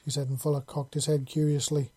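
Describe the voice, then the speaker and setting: An audiobook narrator reading a story aloud in a steady, even storytelling manner. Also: medium pitch, quick pace, slightly rough, no room sound. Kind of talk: reading fan fiction aloud.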